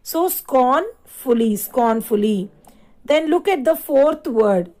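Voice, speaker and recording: A woman teacher talks slowly and patiently, spelling each word letter by letter and repeating it several times. Her voice sits high for a woman. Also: expressive, a little mellow, rough recording. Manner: slow, repeats and spells words aloud. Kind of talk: classroom lesson.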